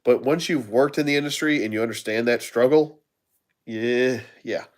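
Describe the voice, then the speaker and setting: A man's voice: mid-range voice, normal speed. A middle-aged man, a channel host, telling restaurant stories in casual chat, laughing often and acting out the voices of the people in them.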